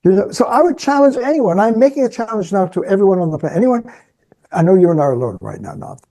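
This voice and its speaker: A woman's voice: mid-range voice, expressive, quick pace, dark tone. A woman speaking as a podcast guest in an impassioned philosophical discussion, emphatic and preaching, repeating words for stress.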